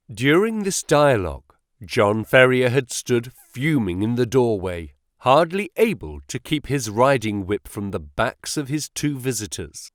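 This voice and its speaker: A male audiobook narrator reading a classic novel slowly and with a lively rise and fall. The recording is dry and close-miked, with no room sound. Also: medium pitch, dry recording. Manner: measured and expressive.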